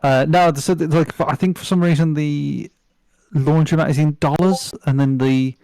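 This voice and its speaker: A man's voice: a little high, fairly even intonation, normal speed, vocal fry, darkish tone, no echo. A man chatting casually as a podcast guest, rambling with lots of fillers, restarts and swearing. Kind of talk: casual chat.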